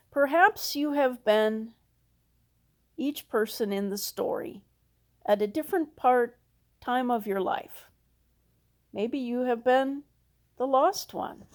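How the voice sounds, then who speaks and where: A woman pastor from Minnesota retells a parable in her sermon, speaking slowly in a folksy storytelling style. She acts out characters and adds folksy asides, her fairly high voice a little mellow.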